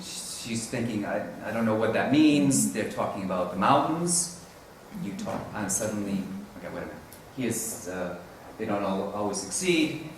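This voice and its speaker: With a fairly low voice and lively intonation, a man speaks at a moderate pace while presenting at a teaching conference. He's casual and rambling, chuckles, and keeps correcting himself. A distant mic in the conference room picks up a roomy sound with a faint hiss.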